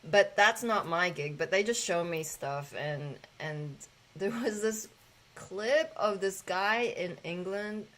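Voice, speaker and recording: A woman's voice: mid-range voice, fairly bright tone, low-quality recording. A woman hosting a casual spiritual gathering, talking in a loose, rambling way with fillers and the odd swear.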